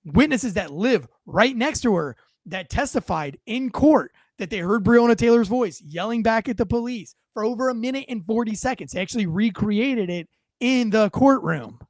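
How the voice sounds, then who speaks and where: High-pitched guy ranting on his podcast, super emphatic, keeps restarting lines, dry close sound. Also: animated, normal speed, darkish tone, no room sound. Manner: emphatic, repeats and restarts phrases. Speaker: podcast host. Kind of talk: heated commentary.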